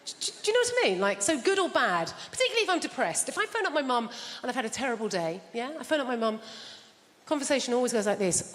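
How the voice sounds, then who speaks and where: Mujer cómica, charla autocrítica en teatro. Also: female voice, a little high, big pitch swings, fast. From England. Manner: self-deprecating, chatty, teasing the audience. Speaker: stand-up comedian. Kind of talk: stand-up routine. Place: large theatre stage. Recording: big theatre with long reverb and loud noise.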